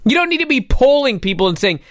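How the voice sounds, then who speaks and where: Radio host guy ranting, all worked up, high voice, jumping all over, dry studio sound. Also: sing-song, fast talker, dry recording. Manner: fired-up, exasperated ranting.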